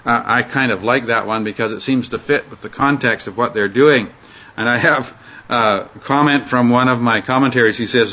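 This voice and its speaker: Husky-voiced man teaching Bible study. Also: medium pitch, sharp tone. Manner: conversational, halting with fillers and restarts. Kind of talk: informal Bible study lecture. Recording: dull lo-fi recording.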